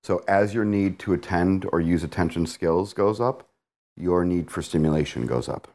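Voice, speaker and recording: A man with a somewhat low voice explains a point in a relaxed, conversational way. He keeps it lively, breaking into quick acted-out examples to show what he means. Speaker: therapist or coach.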